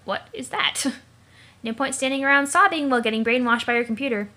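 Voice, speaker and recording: A woman's voice: high-pitched, fairly quick, bright, forceful tone. A woman, host of a let's play, reading a webcomic's narration aloud in a wry, matter-of-fact way.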